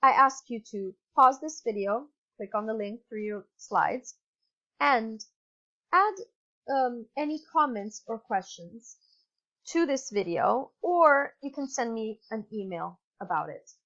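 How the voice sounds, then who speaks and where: A woman's voice: a little high, animated, takes it slowly, a bit bright. A woman with an Italian accent giving a recorded online English lesson, patient and instructive, with fillers and self-corrections. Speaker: English teacher. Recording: dull lo-fi computer mic.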